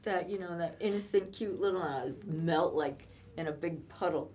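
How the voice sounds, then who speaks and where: A woman in her seventies reminiscing in casual chat, telling lively stories and laughing often. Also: lowish voice, moderate pace, a little hiss or hum. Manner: animated storytelling, laughs often. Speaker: co-host.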